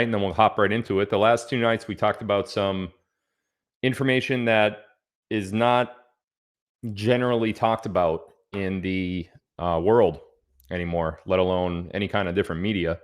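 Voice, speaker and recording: A man's voice: lowish voice, steady tone, moderate pace. A man hosting a casual livestream, rambling and joking as he reads out where viewers are from. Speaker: livestream host.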